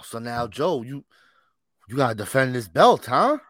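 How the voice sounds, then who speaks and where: A man's voice: mid-range voice, big pitch swings, measured pace, a bit bright, dry recording, clean studio sound. A man co-hosting a podcast in a casual chat, reacting with short quips and laughter. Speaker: podcast co-host.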